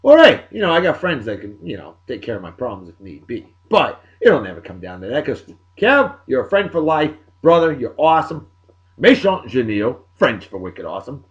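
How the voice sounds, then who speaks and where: A man, hosting a show and giving rowdy, salty shout-outs to friends in a casual rambling way. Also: medium pitch, huge pitch swings, normal speed, muffled recording. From Martha's Vineyard, Massachusetts. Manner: boisterous, salty, hollers catchphrases.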